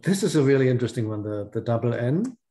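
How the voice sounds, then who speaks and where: A man's voice: medium pitch, very animated, fast, dark tone. A man leading a reading group discussion, thinking aloud and often correcting himself.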